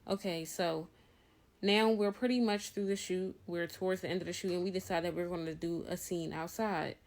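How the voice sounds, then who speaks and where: A woman's voice: fairly low pitch, steady tone, moderate pace, darkish tone. A young woman telling a personal story in a casual storytime, chatty and talking straight to her viewers. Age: young adult. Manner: chatty, addresses viewers as y'all. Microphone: phone. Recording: noisy phone clip with ambience.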